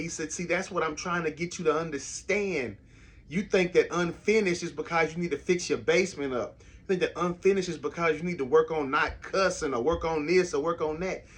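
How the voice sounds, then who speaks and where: A middle-aged man talks faith and loss in a relaxed home-basement podcast. His voice sits a bit high for a man. He speaks in a reflective, halting way, often restarting his sentences. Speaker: podcast host. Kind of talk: casual faith talk.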